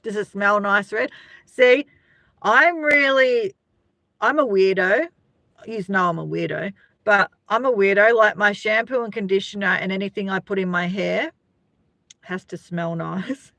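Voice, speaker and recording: As livestream host, a middle-aged Australian woman chats casually and rambles, reading comments and greeting viewers by name. She's unhurried, with a medium-pitched, fairly bright voice and no echo.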